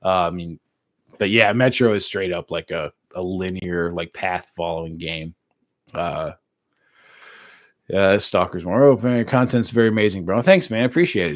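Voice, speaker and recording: An American man casually chatting with his live-stream viewers, relaxed and laughing easily, with plenty of filler words. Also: low-pitched, measured pace, pauses often, dry recording, studio quality. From United States. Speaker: streamer reading live chat.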